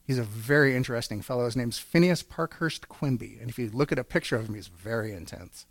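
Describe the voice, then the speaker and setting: Guy with a gravelly voice telling his story in church, earnest, dry close sound. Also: mid-range voice, quick pace, dry recording. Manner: earnest, storytelling with acted-out quotes. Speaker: church speaker. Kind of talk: personal testimony sermon.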